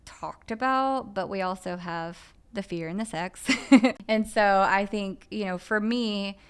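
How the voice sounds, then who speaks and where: A woman's voice: lowish voice, clean tone. A woman speaking candidly and earnestly on a podcast about her own recovery, with frequent filler phrases. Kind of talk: candid personal podcast talk.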